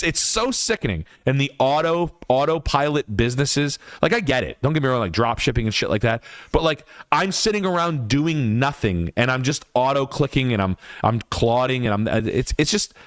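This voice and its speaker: A man's voice: mid-range voice, a bit bright, no room sound. Heated, profane male podcast host. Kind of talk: casual rant on a livestream.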